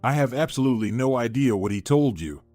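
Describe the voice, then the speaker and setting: A man's voice: medium pitch, animated, fast talker, a little mellow, dry recording, lightly acted. A man voicing a cruel, haughty middle-aged mother-in-law in a sneering, insulting manner, over faint music.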